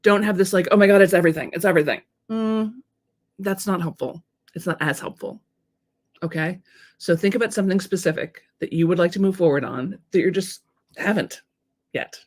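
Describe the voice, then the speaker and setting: A woman hosting a live-streamed coaching talk, frank and animated, who swears casually and reads out viewer comments. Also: lowish voice, normal speed, pauses often.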